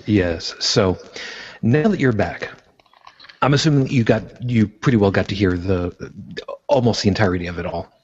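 A man's voice: lowish voice, normal speed, darkish tone, a little hiss or hum. A man hosting a casual discussion, explaining his points in an earnest way. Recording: dull lo-fi sound.

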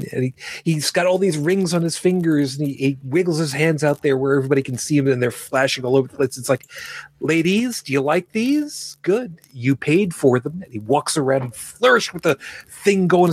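A man's voice: on the high side, darkish tone, slightly rough, no echo. A man co-hosting a casual talk show, rambling, joking and correcting himself as he goes. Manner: rambling, self-correcting, jokey. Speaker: podcast co-host. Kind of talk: casual chat.

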